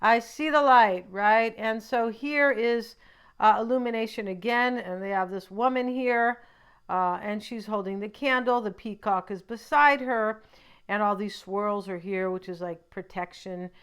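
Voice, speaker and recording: Woman doing a casual tarot reading, rambling chatty asides, keeps saying right?, smooth clear voice. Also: medium pitch, unhurried, fairly bright tone. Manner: chatty, often ends thoughts with a questioning "right?". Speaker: tarot reader.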